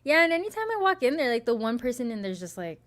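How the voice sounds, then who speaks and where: A woman's voice: on the high side, big pitch swings, fast. A young adult woman co-hosting a podcast, telling a story with lots of swearing and acted-out quotes in casual chat. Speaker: podcast co-host.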